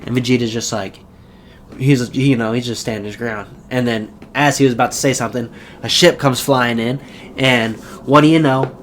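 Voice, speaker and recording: A man's voice: medium pitch, steady tone, slight background noise. Casual rambling man recapping an episode. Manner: loose, rambling retelling with quick character voices. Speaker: anime reviewer.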